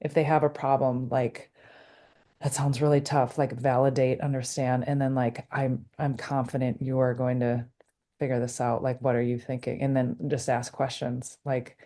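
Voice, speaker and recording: A woman hosting a podcast, talking in a soft, reflective and agreeable way. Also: rumbling low, little pitch movement, moderate pace. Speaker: podcast host. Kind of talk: podcast conversation.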